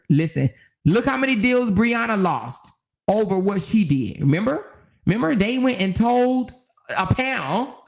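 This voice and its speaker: A woman's voice: fairly low pitch, gravelly. An older woman hosting a casual livestream chat, talking emphatically and preaching, with lots of "you know" asides. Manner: preachy, emphatic, rising into exhortation; conversational, full of "you know". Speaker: channel host.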